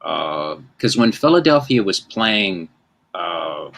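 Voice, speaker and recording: Host, male, 50s, very deep voice, rambling self-deprecating storyteller. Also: big pitch swings, takes it slowly, vocal fry, a bit bright. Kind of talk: casual anecdote-telling chat.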